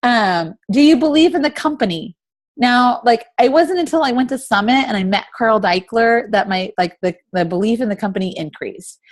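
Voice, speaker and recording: A woman's voice: a little high, animated, moderate pace. A woman in her thirties leading a motivational team call over video chat, full of rhetorical questions. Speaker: team leader.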